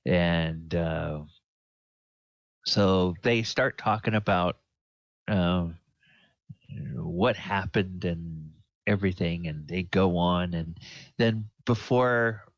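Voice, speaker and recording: A man narrating a tabletop game as dungeon master, halting with many fillers. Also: low-pitched, no echo. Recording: dull dry lo-fi recording.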